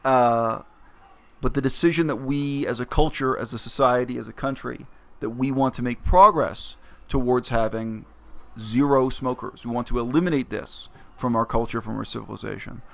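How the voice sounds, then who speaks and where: A man with a gravelly, creaky voice, speaking at a middle pitch. He talks his way through the story in a reflective, explanatory vlog monologue, pausing often with fillers. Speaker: vlogger. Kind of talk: casual spoken monologue.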